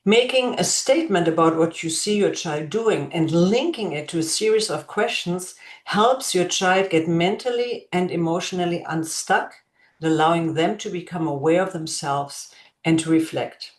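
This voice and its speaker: Woman teaching parents slowly and gently, sounds like a bare echoey room. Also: lowish voice. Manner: slow, deliberate, gently modeling phrases to a child. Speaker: parenting educator. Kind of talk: instructional talk.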